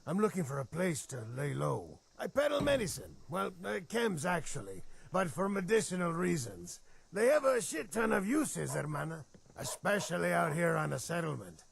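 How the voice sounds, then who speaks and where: Raspy, smooth-talking game ghoul with a Spanish accent, lively high voice, hustler charm. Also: male voice, normal speed, exaggerated voice. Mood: sly. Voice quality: raspy, gravelly. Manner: slick, persuasive salesman patter. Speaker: game character.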